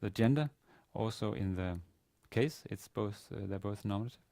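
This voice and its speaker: A man's voice: on the low side, normal speed, gravelly, warm tone, no echo. A man teaching a university class on classical Arabic grammar, explaining step by step with frequent fillers and restarts. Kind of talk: recorded university lecture.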